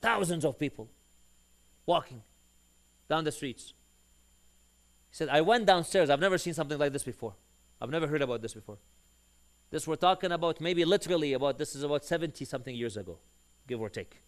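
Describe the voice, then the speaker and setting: A man's voice: a little high, a little fast, long pauses. A man preaching a sermon, telling a long story and acting out the dialogue of its people. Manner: animated storyteller who acts out quoted dialogue.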